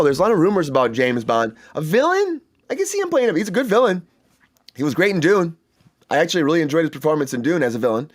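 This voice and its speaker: Chatty enthusiastic man hosting entertainment news. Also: fairly high pitch. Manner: chatty and enthusiastic, many fillers and asides. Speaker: host. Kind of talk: casual entertainment news chat.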